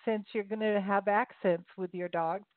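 A woman's voice: mid-range voice, steady tone, normal speed, no echo. A woman co-hosting a casual chat, playful and enthusiastic. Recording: phone-like remote call audio.

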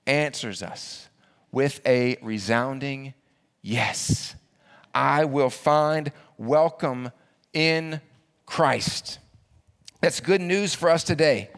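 A man preaching a sermon as pastor, earnest, slowing down to repeat key phrases for emphasis. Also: a little high, a bit bright.

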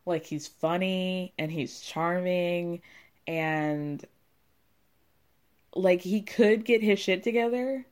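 A young woman recapping a reality show in a casual, animated way, swearing freely and laughing often. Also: on the low side, slow, long pauses.

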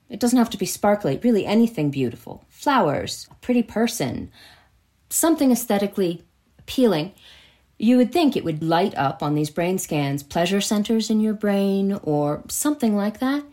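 American woman spinning a lively story, acts out everyone in it, mid pitch. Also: normal speed. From United States. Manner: lively, acts out quoted voices in her stories. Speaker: author and jewelry designer, podcast guest. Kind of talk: animated anecdotal storytelling.

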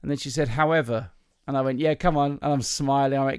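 A man's voice: medium pitch, steady tone, quick pace, a little mellow, smooth, no echo, clean studio sound. A male comedian hosting a podcast, telling chatty, self-mocking anecdotes in a casual voice with plenty of ums and restarts. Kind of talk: casual storytelling chat.

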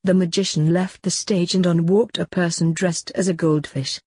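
Female author-host narrating her story; low, breathy, dry. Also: fairly even intonation, moderate pace, dark tone, no echo. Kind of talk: story reading.

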